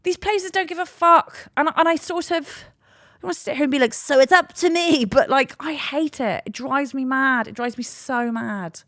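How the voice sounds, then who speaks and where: A young woman hosting a solo podcast, ranting in a sweary, animated way. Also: sits high, moderate pace, no echo, studio quality. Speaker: podcast host.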